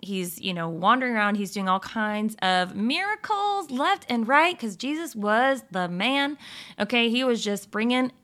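A woman with a bright, forceful voice giving casual devotional encouragement. She talks earnestly and keeps asking rhetorical questions, and she laughs off her own slips. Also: a little high, expressive, a little slow. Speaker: Christian devotional speaker.

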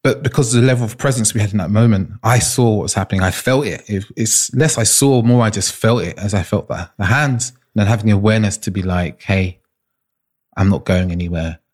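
A man's voice: on the low side, quick pace, hardly any pauses, a little mellow, slightly rough. A man being interviewed as an intimacy coach, telling personal stories earnestly and restarting often. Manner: earnest, searching, frequent restarts.

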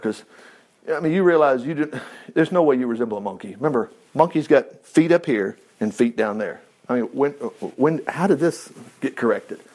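A man preaching a sermon in an animated way, dropping to quiet asides and rising loud when he acts out quoted voices. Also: fairly high pitch. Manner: animated, jumps between hushed asides and loud exclaims.

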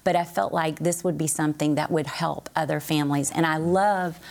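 Woman, middle-aged, very low voice, gravelly, earnest storyteller, podcast guest. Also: steady tone, normal speed, a little mellow. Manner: earnest, storytelling, speaks of faith and family. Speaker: guest, author of a book on blended families. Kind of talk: faith-based podcast interview.

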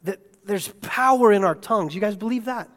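A male pastor preaching a conversational sermon in a church, asking his congregation questions and swinging between hushed asides and loud, excited bursts. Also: high-pitched, normal speed. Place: church sanctuary. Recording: long hall reverb.

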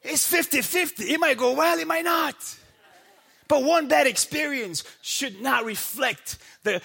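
A man from the United States preaching a sermon in church with impassioned shouting and rhetorical questions. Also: very high-pitched, measured pace, creaky. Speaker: pastor. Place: church before a congregation.

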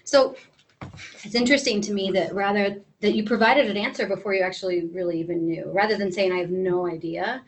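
A woman teaching a class in a relaxed, friendly way, with frequent pauses and filler words. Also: mid-range voice, slight background noise, rough recording. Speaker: instructor. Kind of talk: classroom lecture.

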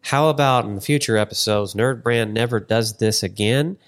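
A man's voice: lowish voice, moderate pace. A man hosting a podcast in casual chat, rambling and joking, often trailing off mid-sentence. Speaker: podcast host.

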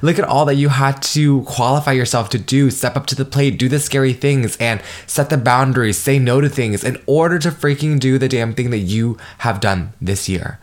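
A man in his twenties hosting a solo podcast, talking in an emotional, effusive way, swearing freely and jumping up in pitch when excited. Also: moderate pace, hardly any pauses. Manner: animated, jumps higher when excited. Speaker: podcast host. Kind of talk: solo motivational podcast monologue.

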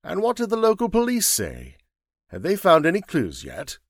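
A man's voice: sits high, huge pitch swings, moderate pace, no echo, studio quality, pitched above the performer's own voice, heavily acted. A man voicing a heavily built, dull-looking male detective in an audiobook, speaking bluntly and curiously. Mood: probing. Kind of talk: audiobook character reading.

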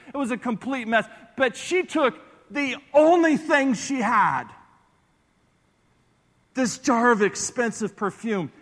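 A man preaching a sermon through animated personal stories. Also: sits high. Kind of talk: storytelling sermon. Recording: echoey large hall.

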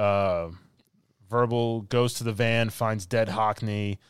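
A man's voice: fairly low pitch, steady tone, slow, slight background noise. A man co-hosting a podcast, casually recapping a film and acting out lines in silly voices. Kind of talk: casual chat.

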